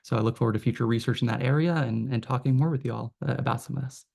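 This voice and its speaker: A man wraps up his remarks on a panel in a measured, explanatory manner. His voice is gravelly with a dark, mellow tone and sits at a middle pitch for a man. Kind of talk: presentation remarks.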